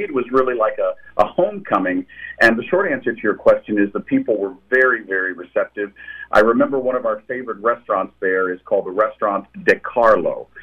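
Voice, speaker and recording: A man's voice: fairly low pitch, breathy edge. A man, a novelist, answering interview questions and telling stories about his books, with frequent restarts. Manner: storytelling, thoughtful, with frequent restarts. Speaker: novelist guest. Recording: tinny phone line.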